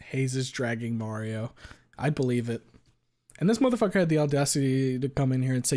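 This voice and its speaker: A male streamer chats loosely with his audience in a mid-pitched voice. His talk rambles, and it is crude and full of swearing as he argues back at chat. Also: moderate pace, pauses often, mellow. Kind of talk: casual live-stream chat.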